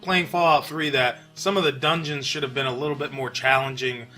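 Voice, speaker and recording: A man from New York hosting a casual gaming commentary, relaxed and chatty with frequent fillers. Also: medium pitch, brisk, soft background music. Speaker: channel host.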